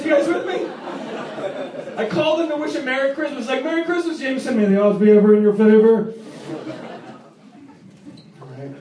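A young man from Rhode Island with a strikingly high voice, working a stand-up set with wry storytelling and sudden loud punchlines. He is picked up from across an echoey club, and a lively crowd laughs along around him. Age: 20s. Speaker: stand-up comedian. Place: comedy club stage. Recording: echoey club recorded from a distance, audience laughter.

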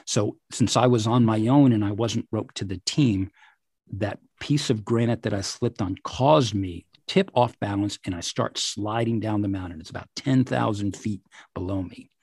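A man in an interview telling a personal story vividly, at times dropping to hushed asides. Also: lowish voice, moderate pace, slightly rough, dry recording. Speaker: interview guest, teaches classes.

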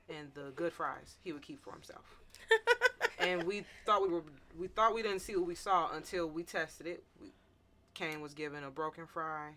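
Woman podcast host, bright voice, laughs a lot, repeats herself when excited. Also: low-pitched, normal speed, a little hiss or hum. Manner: animated, laughs often, repeats words. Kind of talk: casual chat.

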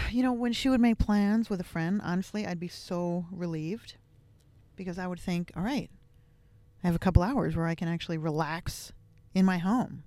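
A woman's voice: lowish voice, darkish tone, no echo. A woman hosting a podcast, telling a personal family story in a candid, reflective way with many casual fillers. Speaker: podcast host.

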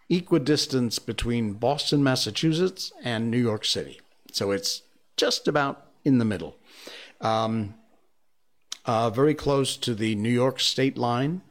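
Male host, from Connecticut, casual solo monologue, meandering and chatty. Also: medium pitch. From Connecticut, United States. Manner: chatty and rambling, with frequent ums and asides. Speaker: show host. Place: living in Malaysia.

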